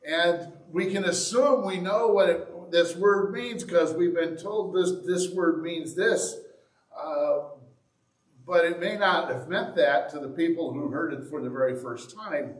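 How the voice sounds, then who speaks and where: A man's voice: on the high side, unhurried. A man with a Southern Indiana accent, preaching a sermon as a pastor in a folksy, joking way. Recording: roomy sound from a distance.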